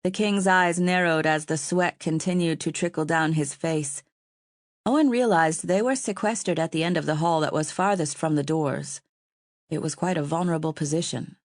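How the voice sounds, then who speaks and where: A woman reading an audiobook aloud in a steady, even way. Her voice sits on the low side, and the recording is dry and close. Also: moderate pace, no echo. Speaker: audiobook narrator. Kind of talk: scripted audiobook narration.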